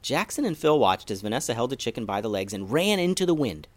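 A man's voice: medium pitch, fast talker. A man reading a children's bedtime story aloud as the host of a kids' story podcast. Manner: gentle, expressive, storytelling.

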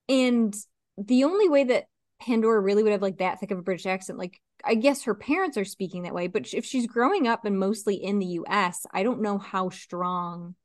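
A chatty woman co-hosting a podcast, rambling loosely with lots of fillers and easy laughter. Her voice sits at a middling pitch. The sound is close and dry. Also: no room sound. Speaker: podcast co-host. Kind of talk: casual chat.

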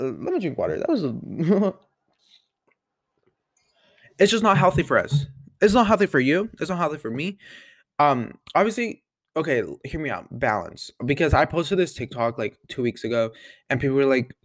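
With a fairly high, sing-song voice and a moderate pace, this young man chats on his own podcast, rambling and dropping lots of "like" and "um" fillers. The sound is clean studio audio without echo.

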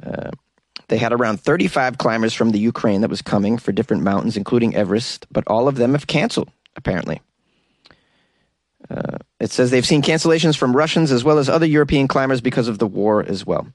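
A man's voice: mid-range voice, brisk, no echo, clean studio sound. A man hosting a comedy news show, reading headlines and cracking sarcastic jokes between them. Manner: sarcastic, jokey asides between read news items. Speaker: comedy news podcast host.

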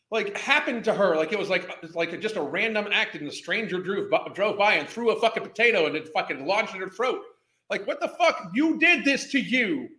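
High, bright, swearing angry man. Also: sing-song, brisk. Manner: angry, mocking, heavy swearing. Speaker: commentary host. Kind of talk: profane ranting commentary. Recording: echoey room.

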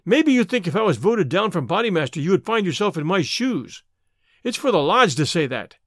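Man playing a domineering lodge boss in an audiobook, loud, blustering, menacing. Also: high-pitched, big pitch swings, a little fast, dry recording, studio quality. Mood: commanding. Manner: loud, commanding, switches to hearty bluster.

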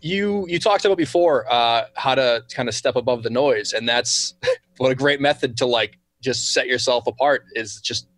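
A man's voice: medium pitch, normal speed, fairly bright tone, dry recording. A man co-hosting a podcast in easy casual chat, laughing as he talks.

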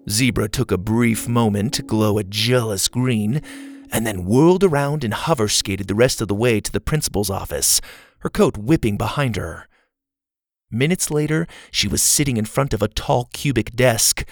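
A man reading a children's story aloud in expressive, scripted narration. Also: on the low side, normal speed, no room sound. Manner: expressive, varied delivery.

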